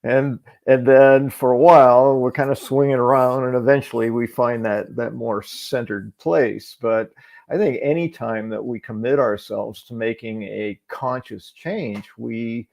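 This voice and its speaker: A man's voice: mid-range voice, fairly even intonation, a little slow, creaky, darkish tone. A middle-aged man talking as a show guest in casual chat, reflective and storytelling, often restarting his sentences.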